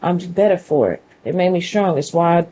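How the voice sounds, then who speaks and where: A woman's voice: lowish voice, brisk, dark tone, poor audio. A woman hosting her own show, giving an emphatic, conversational motivational monologue with a preachy, faith-driven edge. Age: adult mother. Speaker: show host.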